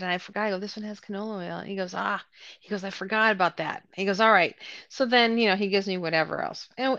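A woman co-hosting a podcast, telling an animated story in casual chat, acting out what others said and laughing often. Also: mid-range voice, no room sound, lo-fi sound. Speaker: podcast co-host.

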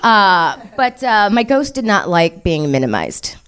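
A woman telling a comic ghost story to an audience, animated and profane, often laughing as she talks. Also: medium pitch, unhurried, clean tone.

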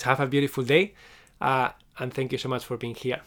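A man hosting a live session as a meditation teacher, speaking gently and encouragingly, often checking in with "okay?" and restarting his phrases. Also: medium pitch, flat delivery, brisk. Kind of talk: live stream closing talk.

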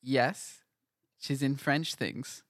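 A man's voice: mid-range voice, fairly even intonation, drawn-out words, fairly bright tone, no echo, clean studio sound. A man co-hosting a casual chat about films, jokey and chatty. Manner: jokey, chatty, repeats words.

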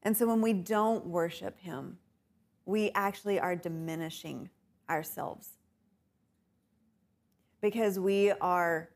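A woman teaching a bible class, unhurried and often laughing with her students. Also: on the low side, vocal fry. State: tickle in throat, coughing.

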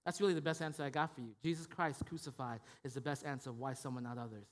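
A man's voice: mid-range voice, fairly even intonation, fast talker. A man preaching a sermon as pastor, in a conversational style with frequent "right?" tag questions and restarts. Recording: long hall reverb.

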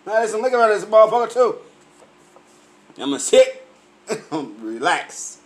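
Tipsy man on a loud, profane comic rant. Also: sits high, big pitch swings, unhurried. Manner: profane, boisterous, laughing often. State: tipsy from drinking. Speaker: vlogger.

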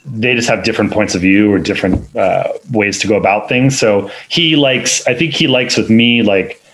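A man's voice: fairly low pitch, moderate pace, fairly bright tone, a little hiss or hum, low-quality recording. A man, a film editor, talking casually in an interview, rambling with many fillers and restarts. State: parent of two little kids.

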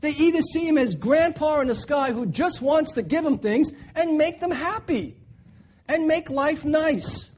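High-pitched guy preaching a sermon, earnest, says things twice, muffled lo-fi audio. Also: expressive, measured pace, a little mellow. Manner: earnest, repeats points for emphasis. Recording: dull lo-fi recording.

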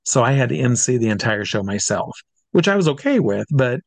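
A man's voice: mid-range voice, very animated, brisk, creaky, no room sound. A man who works as a drag comedy entertainer, telling backstage stories in a casual, chatty way, with many fillers and restarts. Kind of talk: casual anecdotal storytelling.

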